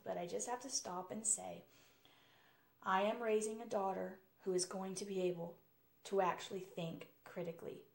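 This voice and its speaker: A woman's voice: medium pitch, fairly bright tone. A young woman hosting a podcast alone, talking frankly and casually, with frequent laughs and lots of "you know". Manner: chatty and frank, laughs often, says "you know" a lot. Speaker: podcast host. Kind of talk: casual solo podcast talk.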